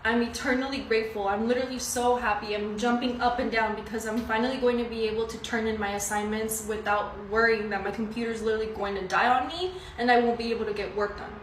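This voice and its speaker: A woman's voice: fairly high pitch, fast, few pauses, slight background noise. Sassy young woman telling a story. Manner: animated, sassy, mimics voices in quotes. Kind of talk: storytime vlog. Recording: echoey room, away from mic.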